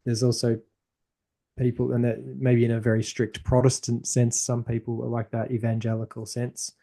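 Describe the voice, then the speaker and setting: In a warm, creaky, medium-pitched voice, a man hosting a podcast speaks in a monotone at a moderate pace. The casual conversation is thoughtful and loosely rambling, with frequent restarts.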